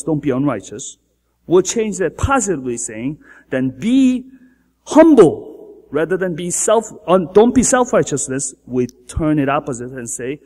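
A male pastor delivers a sermon in a slightly husky, fairly high voice that rises and falls with lively emphasis. He repeats key phrases and builds to emphatic peaks. The sound carries a long, echoing reverb, as in a large hall. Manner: emphatic preaching with repetition and rising emphasis.

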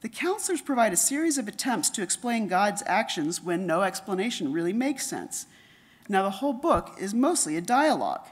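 A middle-aged woman giving a conference lecture, reading her paper in a measured way and dropping softer for quotations. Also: mid-range voice, very animated, slightly rough. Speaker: conference speaker.

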